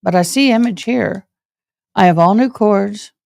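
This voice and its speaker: A woman's voice: mid-range voice, a little slow, vocal fry, darkish tone, dry recording. A woman hosting a live stream from her home, chatting casually and talking straight to her viewers. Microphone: camera setup.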